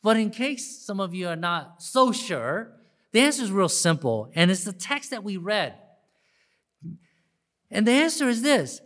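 Guy preaching a sermon, kinda high voice, chatty then gets loud and emphatic. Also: sing-song, unhurried, long pauses. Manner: conversational, rising to emphatic peaks with frequent restarts. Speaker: pastor.

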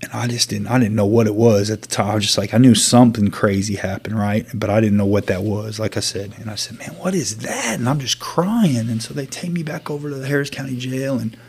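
A man earnestly telling his own story as an interview guest, halting and restarting often. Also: lowish voice, fairly even intonation, a little mellow, slightly rough. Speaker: guest sharing his testimony. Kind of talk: personal storytelling.

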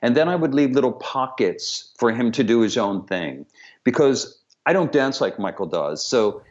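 A man's voice: mid-range voice, expressive, normal speed. A man, a director and choreographer, talking candidly and with humor in a remote interview over a video call. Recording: dull lo-fi call audio.

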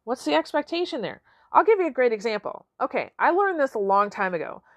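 A woman's voice: sits high, sing-song, brisk, no room sound. Chatty middle-aged woman coaching. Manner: conversational, frequent "okay?" and "right?" asides; laughs often. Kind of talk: motivational talk.

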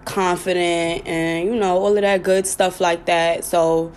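A woman's voice: on the low side, flat delivery, unhurried, a little mellow, a little hiss or hum. Blunt, chatty woman podcast host. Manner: blunt, profane, chatty, with sudden laughing outbursts. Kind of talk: casual live talk to listeners.

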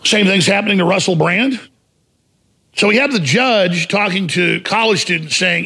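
A man hosting a talk show, ranting in a combative, mocking way and shouting for emphasis, with a raspy, gravelly voice. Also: high-pitched, normal speed. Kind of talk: heated talk radio rant.

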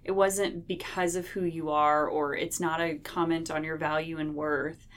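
A woman with a very low voice and an even, flat delivery. She talks in a calm, reflective and reassuring way, steady from phrase to phrase. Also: moderate pace. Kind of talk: reflective conversational teaching.

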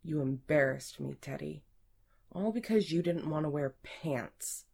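A woman voicing a stern, teasing female office supervisor in an erotic audiobook reading, speaking in a sly, commanding way that often drops to a hush. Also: sits low, a little slow, vocal fry, husky, heavily acted.

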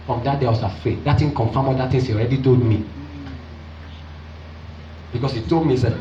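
Animated pastor, in a roomy hall. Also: male voice, quick pace, pauses often, a little hiss or hum. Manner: animated storyteller acting out voices, jumping high for excited women. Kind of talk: storytelling sermon. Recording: roomy, distant and dull.

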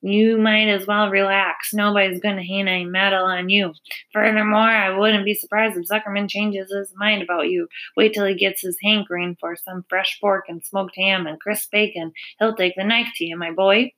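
Woman doing a husky gloating rat. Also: mid-range voice, steady tone, normal speed, sharp tone, natural voice, low-quality recording. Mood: snide. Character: gluttonous male rat, husky and sneering.

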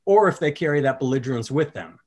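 A man's voice: mid-range voice, fast. Man telling a club story on a podcast. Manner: storytelling, animated when quoting others. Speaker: podcast host and comedian. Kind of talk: casual podcast chat.

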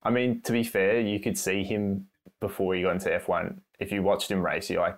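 Australian man, very deep voice, podcast guest, relaxed casual chat. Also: fairly quick.

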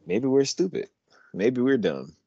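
A man co-hosting a podcast in casual banter, arguing his point in an animated way and repeating himself. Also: medium pitch, unhurried, breathy edge, no room sound. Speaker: podcast co-host. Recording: dull lo-fi podcast audio.

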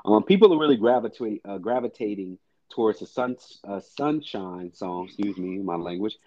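A man's voice: fairly low pitch, animated, moderate pace, mellow, no room sound, muffled recording. A man co-hosting a casual music podcast, blunt, profane and emphatic. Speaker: podcast co-host.

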